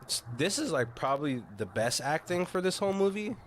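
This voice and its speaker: A man's voice: fairly high pitch, very animated, brisk, slight background noise. A man casually retelling a film's plot on a podcast, loose and profane, heavy on "like" and "you know," acting out the characters' lines as he goes. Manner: loose, swearing, acts out quoted lines; many fillers like "like" and "you know". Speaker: podcast co-host. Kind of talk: casual movie recap chat.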